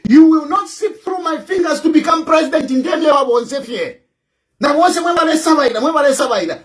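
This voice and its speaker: A man with a Zambian accent rants about politics, defiant and mocking, hammering his points home again and again. His voice sits high and swings widely in pitch, with sudden bursts of shouting. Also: lively intonation, a little fast. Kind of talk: combative political rant.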